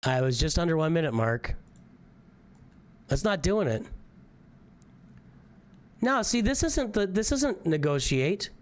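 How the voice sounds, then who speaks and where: A man's voice: fairly high pitch, sing-song, takes it slowly, pauses often. A man casually reviewing a viewer's game roster on a live stream, rambling and easily distracted. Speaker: gaming streamer.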